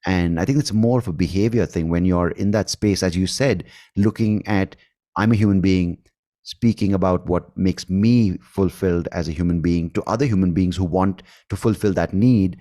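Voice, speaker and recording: A man with an Indian accent hosting a podcast interview, speaking in a thoughtful, halting way and correcting himself as he goes. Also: deep voice, dark tone. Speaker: podcast host. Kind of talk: conversational interview.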